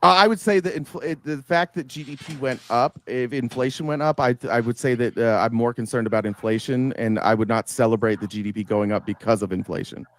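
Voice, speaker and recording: A man in a heated online debate, halting at first and then quick and combative, speaking into a home computer mic on a voice call. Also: medium pitch. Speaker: debate participant.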